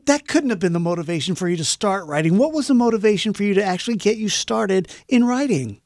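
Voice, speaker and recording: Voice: mid-range voice, lively intonation, quick pace, darkish tone, dry recording. Friendly morning radio host, dry close mic.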